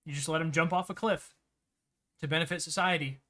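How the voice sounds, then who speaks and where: A man hosting a tabletop game stream, ranting loudly and swearing in casual talk. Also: fairly high pitch, fairly even intonation, brisk. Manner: ranting, profane, rambling. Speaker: game master and stream host. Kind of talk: loud casual stream chat.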